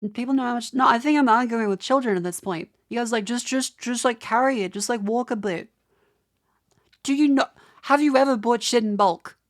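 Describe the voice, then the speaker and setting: A woman's voice: on the high side, brisk. A young Australian woman streaming live, chatting casually, exasperated and swearing as she rants at her chat.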